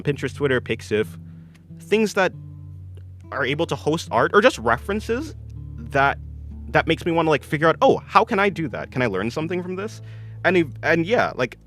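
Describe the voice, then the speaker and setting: Young male art streamer, lively pitch, rambling casual chat, laughs a lot, faint music under. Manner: rambling, self-correcting, laughs often.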